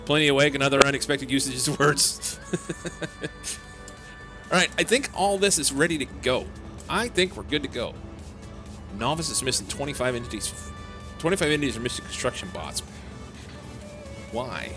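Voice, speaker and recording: A man's voice: medium pitch, lively intonation, moderate pace, pauses often. A young man casually talking through a live game stream, rambling and answering chat. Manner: rambling, chatty, reads chat aloud. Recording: background game music.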